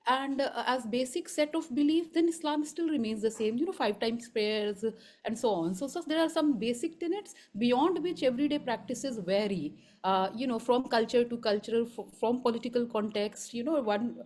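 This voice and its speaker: A woman at a conference asking a long, searching question, thinking aloud and pausing often. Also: on the high side, a little mellow. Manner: halting, many fillers and restarts, thinking aloud. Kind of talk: spontaneous academic question.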